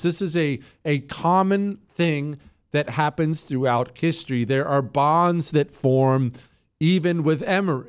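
A man hosting a talk radio show, chatting casually and reading listener emails, his voice jumping up when he sounds incredulous. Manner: animated, swings high when incredulous.

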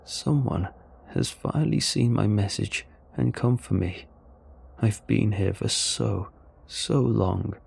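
A man voicing a stranded male alien in a storybook reading, speaking slowly in a low, gravelly voice. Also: a little mellow, full character voice. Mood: pleading. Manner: slow, drawn-out delivery. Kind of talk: storybook narration.

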